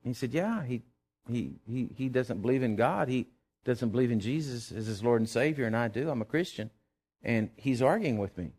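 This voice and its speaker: Folksy pastor telling a story. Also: male voice, mid-range voice, moderate pace, breathy edge. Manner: folksy storytelling, animated quotes. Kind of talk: sermon with personal story.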